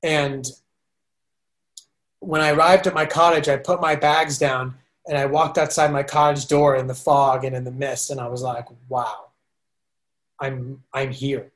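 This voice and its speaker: A man speaks as a podcast guest, retelling his experiences in a lively, animated way. His voice sits a bit higher than most men's. He talks casually and often stops to restart a phrase. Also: normal speed. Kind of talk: casual storytelling interview.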